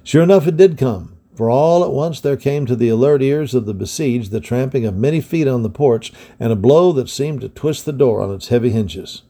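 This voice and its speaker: A man with a gravelly voice reading a historical adventure book aloud in a steady, measured way. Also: mid-range voice. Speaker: storybook reader.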